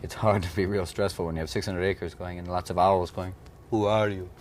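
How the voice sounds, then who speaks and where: An American actor in his thirties gives a playful press junket interview, rambling and often slipping into comic voices. His deep voice is brisk and slightly mellow with little pitch movement, and there's a little hiss or hum.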